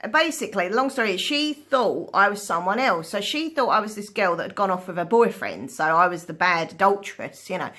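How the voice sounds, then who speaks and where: A woman's voice: mid-range voice, animated, fairly quick, hardly any pauses, pushed and bright. A woman chatting to her phone camera, telling stories animatedly, laughing often and swearing casually. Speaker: vlogger. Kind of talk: casual storytelling chat.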